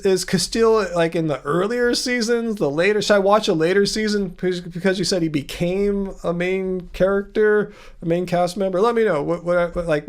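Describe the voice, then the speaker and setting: A man hosting a casual livestream, reading viewer comments aloud and answering them in a rambling way, with many restarts and fillers. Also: sits high. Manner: chatty, reads viewer comments aloud and replies. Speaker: livestream host answering chat.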